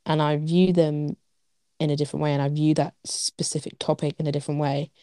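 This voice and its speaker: Rambling young woman, lowish voice. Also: level tone, a little fast, warm tone, clear, resonant tone, no room sound. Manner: rambling, restarting, full of "like" fillers and laughs. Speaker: podcast co-host. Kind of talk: casual chat.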